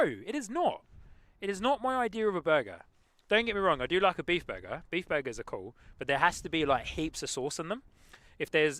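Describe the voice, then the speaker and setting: A man with a London-tinged English accent, casually chatting as host of a live stream and reading out viewer comments, easygoing and quick to laugh. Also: a little high, bright, forceful tone, no room sound. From England. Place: outdoors at an airport plane-spotting spot.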